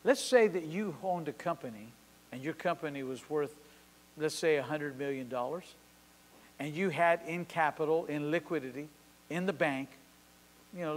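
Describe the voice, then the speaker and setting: A man's voice: medium pitch, long reverb tail, a little hiss or hum, rough recording. A man preaching a sermon as pastor, driving his points home with short, emphatic, repeated declarations.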